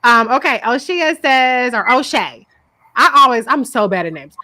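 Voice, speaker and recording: A woman's voice: a little high, animated, normal speed, bright, forceful tone, dry recording. A woman hosting a live show recap, talking in a blunt, profane, casual way and laughing often. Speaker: host.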